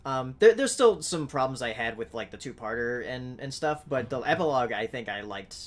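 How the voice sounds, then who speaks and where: Halting man hosting a podcast. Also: medium pitch, expressive. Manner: halting, full of fillers and laughs. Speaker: podcast host. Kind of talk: casual chat.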